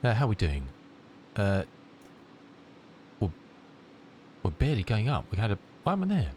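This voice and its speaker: A middle-aged man from southern England, with a southern English accent, is a flight-sim streamer chatting casually on a live stream. He's congested from a cold and rambles as he answers viewers. His voice sits on the low side with a darkish tone and wildly swooping pitch at a moderate pace, over slight background noise.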